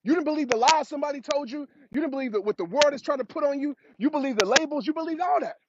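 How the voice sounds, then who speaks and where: This motivational speaker, a man with a very high voice, races through a preachy talk on a road outdoors, repeating phrases for emphasis. A constant hiss sits under the dull, lo-fi recording.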